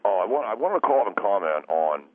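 A man's voice: fairly low pitch, sing-song, brisk. A man playing a forgetful, rambling young caller who keeps apologising and losing his train of thought. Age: young adult. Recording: tinny phone line with faint noise.

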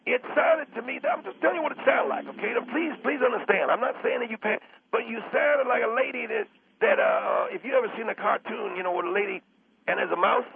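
A man's voice: very high-pitched, expressive, fast, gravelly, exaggerated voice. An actor playing a pushy, lecturing pastor who calls in to a radio show, stammering as he scolds the host. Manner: lecturing, stammering, mimics with squeals. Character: pushy preachy male pastor caller, middle-aged. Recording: tinny phone line with faint hiss.

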